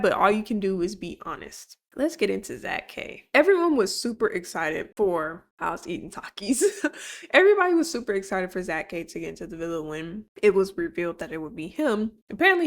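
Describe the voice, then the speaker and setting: Young woman, casual vlog commentary, animated and chatty, quick to laugh and curse. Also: medium pitch. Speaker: YouTuber recapping a reality show.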